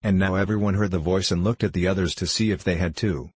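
A man narrating a children's storybook in a steady, measured way. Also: deep voice, husky, no echo. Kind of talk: audiobook narration.

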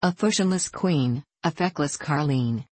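A woman's voice: low-pitched, unhurried, darkish tone, breathy edge, dry recording. Woman doing a scornful Scottish washing lass. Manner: scornful, gossiping.

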